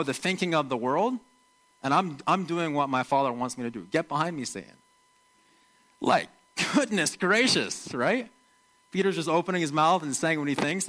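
Bright-voiced conversational male preacher. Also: a little high, low-quality recording. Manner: conversational, animated, acts out quotes. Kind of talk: sermon.

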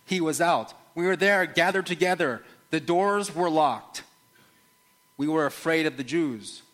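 Slow, earnest male preacher telling a story. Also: a little high, lively intonation, a bit bright. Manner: earnest, measured storytelling with rhetorical questions. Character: Mary Magdalene retelling the resurrection, played by a man. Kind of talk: first-person dramatic sermon monologue.

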